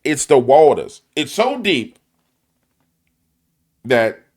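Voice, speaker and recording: A man with a New Orleans accent giving animated, preachy commentary full of slang and repetition. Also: mid-range voice, drawn-out words. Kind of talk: conspiracy commentary.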